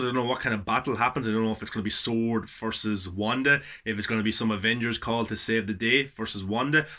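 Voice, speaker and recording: Brief: male vlogger, bright forceful voice, animated casual review full of rhetorical questions. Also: medium pitch. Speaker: YouTube movie reviewer.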